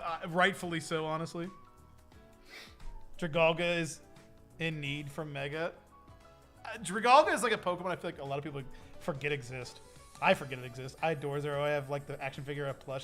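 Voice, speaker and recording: Bright-voiced excitable young streamer guy. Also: fairly high pitch. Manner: excitable, rambling, laughs often. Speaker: livestream host. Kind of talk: casual stream chat.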